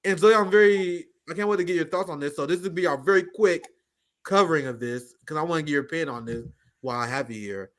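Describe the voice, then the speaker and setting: High-voiced profane male political host. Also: fast. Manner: blunt, profane, animated. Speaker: show host. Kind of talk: casual political commentary.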